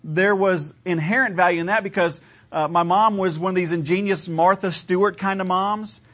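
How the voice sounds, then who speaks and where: A man's voice: high voice, steady tone, normal speed, fairly bright tone. A man in his thirties, from Ohio, preaching a sermon in a conversational, storytelling way with shifting emphasis. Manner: conversational storytelling preacher, varied emphasis, laughs at own stories. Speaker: pastor.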